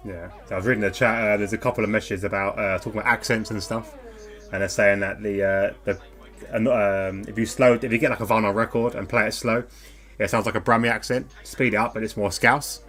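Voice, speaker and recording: A man's voice: lowish voice, fairly even intonation, a bit bright. A man co-commentating an online sim race live, casual and talkative, chatting with viewers between calls. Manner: fast, casual, banter with chat.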